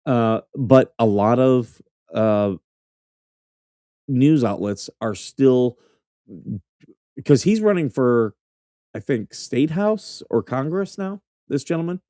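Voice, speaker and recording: A man's voice: medium pitch, slow, pauses often, warm tone, clear, resonant tone, no echo. A man hosting a casual news commentary show, blunt and mocking, swearing freely as he reacts to clips. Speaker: host.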